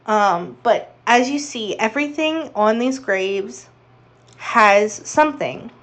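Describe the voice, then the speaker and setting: A woman's voice: a little high, slow, fairly bright tone. A woman narrating a casual travel vlog in a chatty, upbeat way with playful asides. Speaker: vlogger.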